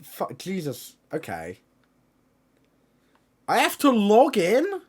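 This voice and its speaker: A male streamer chatting casually on a live stream, swearing often and breaking into loud exclamations. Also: high-pitched, wildly swooping pitch, takes it slowly, husky.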